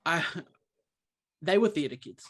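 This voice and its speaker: Aussie guy on a podcast, kinda high voice, rambles and restarts a lot. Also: expressive, slow pace, a bit bright, husky. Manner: rambling storyteller, many restarts. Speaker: podcast co-host. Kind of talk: casual chat.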